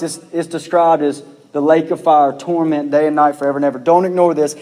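A man's voice: high voice, a little mellow. A man preaching a sermon as pastor, earnest and pleading, repeating his phrases for emphasis. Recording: long reverb of a hall.

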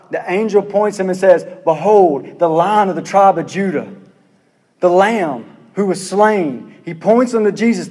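Pastor guy preaching, kinda high voice, lots of questions, church hall echo. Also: darkish tone. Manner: earnest preaching, rhetorical questions, repeats phrases. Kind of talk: sermon.

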